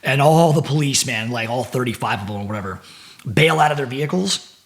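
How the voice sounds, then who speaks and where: A man's voice: medium pitch, fairly quick. A middle-aged man, a former Navy SEAL, recounting a story as a podcast guest, with plenty of swearing and restarted phrases. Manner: profane, animated, repeats words while telling. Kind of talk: casual storytelling.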